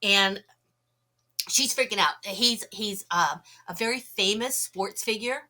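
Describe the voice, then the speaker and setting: A bright, forward-sounding woman tells her story with lively energy and voices the people in it. She has a slight cough and a touch of throat trouble. She sounds like a podcast guest speaking into a call mic. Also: mid-range voice, slow pace. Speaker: guest, UFO investigator. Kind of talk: animated storytelling.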